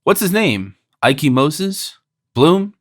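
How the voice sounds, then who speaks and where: A man's voice: a little high, sing-song, slow pace, dry recording, studio quality, full character voice. A man voicing a boisterous, mocking young man with a theatrical, jesting manner, read from a classic audiobook. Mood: gleeful mockery.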